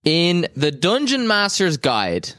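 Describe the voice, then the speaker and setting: A man's voice: fairly high pitch, wildly swooping pitch, pushed and bright, no room sound, studio quality. A man chatting among friends and hosting a trivia quiz, laughing easily. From Ireland. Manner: laughs easily, halting restarts. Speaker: tabletop game player running a trivia segment.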